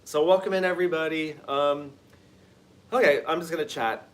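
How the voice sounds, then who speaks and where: A man's voice: a little high, moderate pace, a bit bright. A man hosting a casual livestream from a garage, greeting viewers by name in an upbeat way. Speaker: livestream host.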